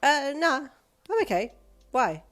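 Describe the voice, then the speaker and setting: Woman voicing a loud playful schoolgirl. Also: mid-range voice, fairly quick, close to an everyday voice. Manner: bright, loud and teasing. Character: playful, loud, energetic teenage girl hero student.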